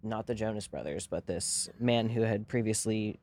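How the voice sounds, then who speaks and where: A man's voice: fairly low pitch, moderate pace, a little mellow, slight background noise. Young man telling a rambling story. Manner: rambling, profane, lots of fillers. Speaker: podcast co-host. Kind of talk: casual storytelling chat.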